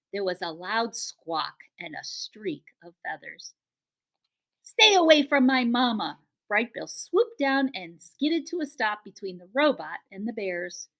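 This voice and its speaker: Lady reading a kids book out loud, super animated voice, expressive. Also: medium pitch. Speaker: audiobook reader. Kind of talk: storybook narration.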